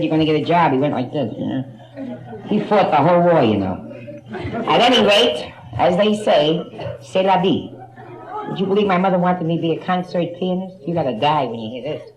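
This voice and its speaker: A woman's voice: sits low, poor audio. A woman doing bawdy stand-up comedy in a nightclub, trading jabs with hecklers and calling people honey, on a 1960s live album. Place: nightclub stage. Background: audience laughing.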